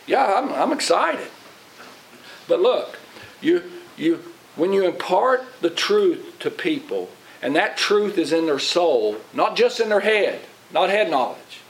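A man's voice: on the high side, poor audio. A middle-aged man, a pastor preaching in a folksy, rambling way and asking his congregation questions. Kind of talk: sermon. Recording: faint hiss.

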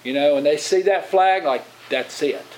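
Plain-spoken preacher, a man with a higher voice. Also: moderate pace, darkish tone, a little hiss or hum, rough recording. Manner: plain-spoken, conversational, asks the congregation questions. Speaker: pastor. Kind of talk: sermon. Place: church.

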